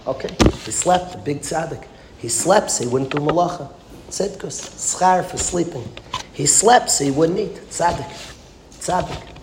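A man's voice: a little high, unhurried. A man, a rabbi teaching a class, tells a story as a sermon with emphatic, repetitive phrasing that builds to passionate exclamations. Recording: echoey room with background noise.

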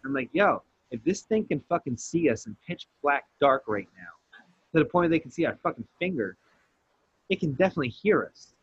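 A man with a fairly high voice tells a long story in a casual podcast, swearing often and acting out every quoted line. The sound is dry and close, but the audio is dull and lo-fi. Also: fairly quick, slightly rough, no echo. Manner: profane, animated storyteller who acts out quotes.

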